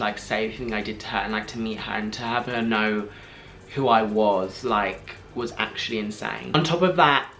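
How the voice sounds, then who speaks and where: A young man tells a story straight to camera, his words tumbling out in gushing, breathless runs. He leans on "like" and restarts constantly, at a mid pitch. Faint music plays under him. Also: pushed and bright. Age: 20s. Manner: gushing, fast, filler-heavy with frequent "like". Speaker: vlogger.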